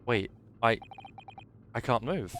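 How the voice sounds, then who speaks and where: A man's voice: medium pitch, expressive, takes it slowly, noisy background. A man reading a game aloud as a bewildered young man, stammering and flustered.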